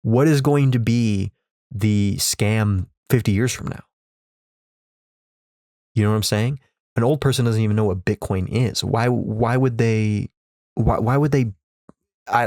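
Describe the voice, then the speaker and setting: A man's voice: mid-range voice, a little mellow, dry recording, studio quality. A man hosting a podcast, delivering a sarcastic comedic rant into a microphone, repeating himself and swearing. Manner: ranting, repetitive, sarcastic, swears. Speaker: podcast host. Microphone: studio microphone.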